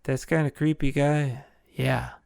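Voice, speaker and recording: Gravelly, slow-talking male film podcaster. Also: medium pitch, level tone, a little mellow, no room sound, studio quality. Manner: enthusiastic, joking, rambling. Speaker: podcast host. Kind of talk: casual film recap.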